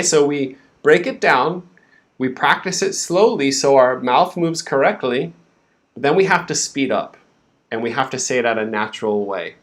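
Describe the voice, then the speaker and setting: A man teaching English pronunciation in a live stream, patiently breaking words into sounds and repeating them for learners to copy. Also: mid-range voice.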